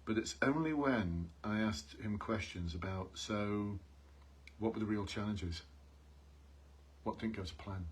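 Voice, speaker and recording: A man with a lowish, husky voice speaks at a measured pace while coaching police job applicants on a live stream. His manner is earnest and repetitive as he stresses key points and calls out to viewers.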